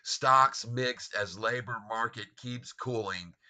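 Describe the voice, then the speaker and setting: A man's voice: mid-range voice, slow pace, bright, forceful tone. A man hosting a live stock market stream, reading out prices and taunting short sellers with frequent laughter. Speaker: stock market livestream host.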